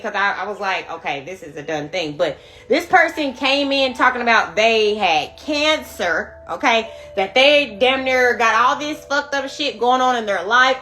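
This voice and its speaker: Young woman, live-stream host, bright and emphatic, swears a lot, talks straight to viewers. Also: fairly high pitch. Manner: emphatic, profane, addresses viewers directly. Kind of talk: casual storytelling to viewers.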